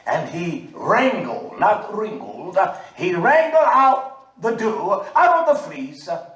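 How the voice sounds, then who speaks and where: A man preaching a sermon, moving from quiet asides to loud, slow scripture reading. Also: a little high, big pitch swings. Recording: echoey room, mic at a distance.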